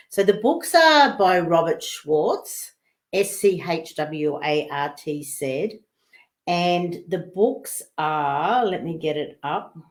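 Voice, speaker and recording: A woman's voice: sits low, a little mellow. A woman hosting a live online talk, chatting loosely and reading out viewer comments, rambling with fillers and restarts. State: coughing and sneezing at times.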